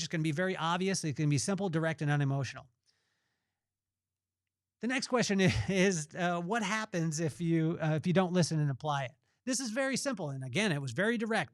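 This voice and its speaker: A man's voice: high-pitched, no room sound, clean studio sound. A man hosting a podcast, giving a faith-based motivational talk in a conversational way and repeating phrases for emphasis. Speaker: podcast host.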